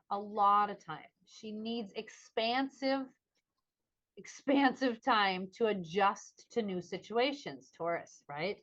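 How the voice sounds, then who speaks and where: Telling a lively story in casual podcast chat, a middle-aged woman co-host imitates the people she quotes. She has a medium-pitched, fairly bright voice, recorded with a lo-fi sound.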